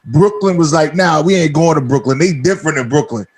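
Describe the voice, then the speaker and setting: A man, a radio host from Spanish Harlem, chatting in relaxed, slangy street talk. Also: fairly high pitch, fairly quick, breathy edge. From Spanish Harlem, New York. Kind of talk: casual radio interview chat.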